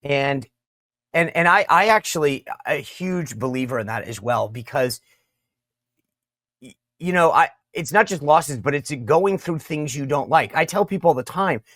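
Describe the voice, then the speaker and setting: A man's voice: fairly high pitch, lively intonation, moderate pace, fairly bright tone, no room sound, studio quality. A man hosting an interview show, conversational with frequent restarts. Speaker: show host. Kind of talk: interview and sign-off.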